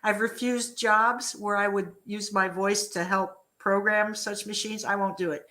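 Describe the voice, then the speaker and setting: Bright, emphatic woman co-host. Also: medium pitch, steady tone, unhurried. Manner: firm and emphatic. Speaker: podcast co-host. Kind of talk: casual podcast chat.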